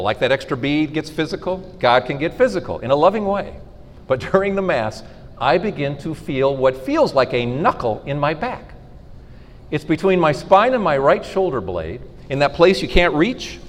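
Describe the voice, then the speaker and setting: Lively middle-aged man telling faith stories. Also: on the high side, normal speed. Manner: storytelling, animated, acts out dialogue. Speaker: podcast host giving a faith talk. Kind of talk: inspirational talk to a live audience. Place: school hall. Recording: reverberant hall.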